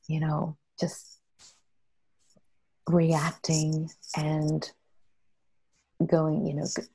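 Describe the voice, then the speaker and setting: Slow, low-voiced woman, soothing guest. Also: dark tone, slightly rough, poor audio. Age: 50s. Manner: slow, soothing, compassionate; drops to whispers at times. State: in pain. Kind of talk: calm guided self-care talk.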